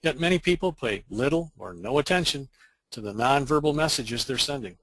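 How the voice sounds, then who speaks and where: Bright-voiced man presenting a webinar. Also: medium pitch, animated, fairly quick, no echo, poor audio. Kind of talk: scripted webinar dialogue.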